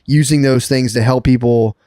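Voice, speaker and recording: A man telling a long story on a podcast in a rambling, profane, excitable way. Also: mid-range voice, moderate pace, dry recording, studio quality. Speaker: podcast co-host. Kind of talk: casual storytelling chat.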